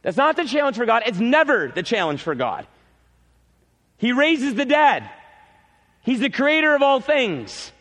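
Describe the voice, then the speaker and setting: A male pastor preaching a sermon in a church, emphatic, repeating key phrases and swinging between loud peaks and quiet drops. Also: very high-pitched, very animated, measured pace, pauses often, long reverb tail.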